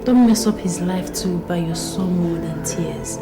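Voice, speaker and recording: An actress playing a caring young woman friend who soothes and reassures in a steady, repetitive way. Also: on the low side, measured pace, over loud music, natural voice. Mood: earnest.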